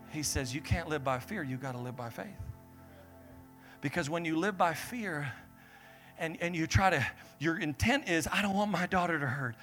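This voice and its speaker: A young man preaching an energetic sermon, acting out Bible figures and family members in quick voices. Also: a little high.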